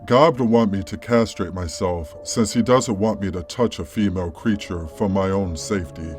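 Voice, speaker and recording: A man voicing a creepy misogynist male coworker in a flat, matter-of-fact way. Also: low-pitched, moderate pace, soft background music, lightly acted. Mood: eerie.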